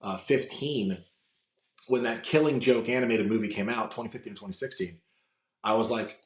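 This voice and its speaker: A man with a raspy voice, chatting casually as a podcast guest and telling animated stories with a lot of swearing. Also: fairly low pitch, normal speed. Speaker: guest, voice impressionist. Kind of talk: casual interview chat. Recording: roomy echo.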